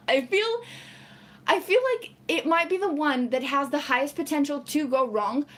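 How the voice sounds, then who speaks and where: A woman streaming casually, reading chat aloud and ranting about her picks. She rambles with lots of fillers and laughs often. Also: high-pitched. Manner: exasperated ranting.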